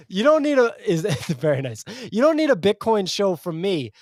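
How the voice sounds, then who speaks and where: A man's voice: high voice, sing-song, moderate pace. A male podcast host in casual chat, giving a pushy, joking sponsor read.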